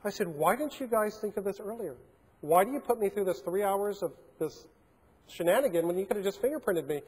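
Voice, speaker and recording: Man, keynote speaker, animated storytelling, higher voice, big hotel hall, long reverb. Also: fairly quick, breathy edge. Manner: animated storyteller acting out dialogue. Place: large hotel conference hall.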